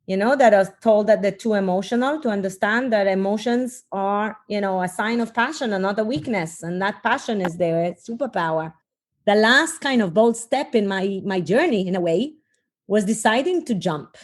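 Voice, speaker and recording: A middle-aged woman speaks as a podcast guest, reflective and earnest as she works through her own story. Her voice sits at an ordinary middle pitch and often pauses on small fillers while she gathers her thoughts. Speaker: podcast guest, leadership coach. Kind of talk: conversational interview storytelling.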